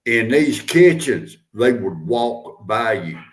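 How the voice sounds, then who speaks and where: A man's voice: medium pitch, very animated, slow pace. An older man chatting casually as a host, telling stories in a folksy, drawling way. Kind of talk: casual chat.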